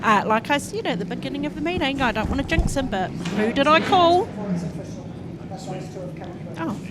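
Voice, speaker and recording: A New woman doing trackside reporting from the pits, her voice a little high. She talks in a chatty way and jokes with her co-host. Clear background noise from the outdoor track sits behind her. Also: expressive, moderate pace. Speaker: pit reporter.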